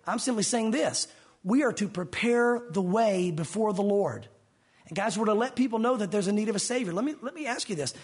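A man delivering an animated sermon, switching into little voices to act out scenes. His voice sits high and has a husky edge. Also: brisk. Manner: animated, acts out dialogue in different voices. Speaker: pastor.

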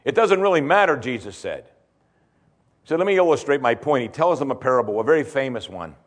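A man's voice: medium pitch, very animated, a little fast. A man preaching an expository sermon as a pastor, repeating key points and asking rhetorical questions.

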